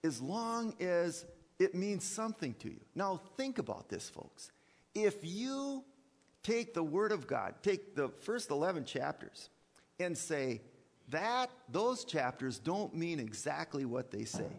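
Animated preacher in an echoing church. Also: male voice, on the high side, slow pace. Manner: animated, with repeated words and sarcastic asides. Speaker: preacher and college teacher. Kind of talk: sermon.

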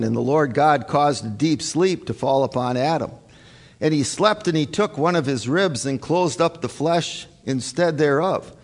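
A man preaching a sermon as pastor, slow and emphatic, with frequent "uh" and "um" fillers. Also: mid-range voice, in a large hall.

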